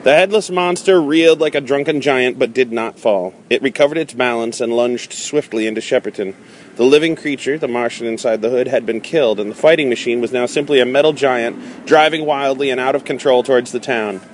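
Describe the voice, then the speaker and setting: A man reading a novel aloud in a measured way, with small slips and restarts. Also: medium pitch, a little hiss or hum. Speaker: audiobook reader.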